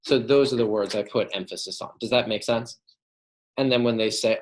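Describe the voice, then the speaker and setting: Here a man with a fairly low voice speaks a little fast over some background noise. He is casually coaching his front-desk staff on handling calls. Performing both ends of the conversation, he repeatedly asks "right?"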